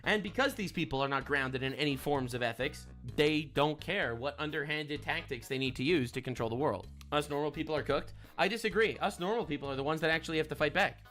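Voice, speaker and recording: A man's voice: on the high side, fast, hardly any pauses, a bit bright, faint music behind. A man streaming live, talking politics in an emphatic, preachy way and often asking "all right?".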